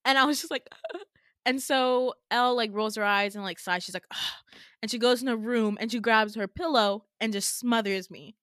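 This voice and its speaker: A young woman co-hosting a podcast, telling a story in casual chat, animated and laughing often as she acts out quotes. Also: a little high, normal speed, no room sound, studio quality. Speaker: podcast co-host.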